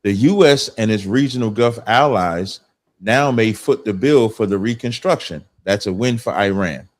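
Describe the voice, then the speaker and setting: A man's voice: fairly low pitch, moderate pace. A man on a political panel, insistently reading points aloud and adding his own comments. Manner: insistent, reads text aloud then comments. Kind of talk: heated panel debate.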